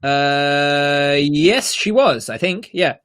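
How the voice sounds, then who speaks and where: A man's voice: on the high side, very slow, a bit bright, smooth. A man co-hosting a podcast, reviewing a TV series in casual chat, earnest and emphatic, with frequent fillers and restarts.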